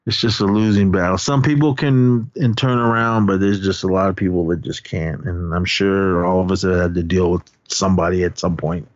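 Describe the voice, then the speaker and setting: A man's voice: sits low, fairly even intonation, moderate pace, few pauses, no room sound, dull audio. A man hosting a podcast, casually recapping a film in a rambling way, with lots of restarts and fillers. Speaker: podcast host.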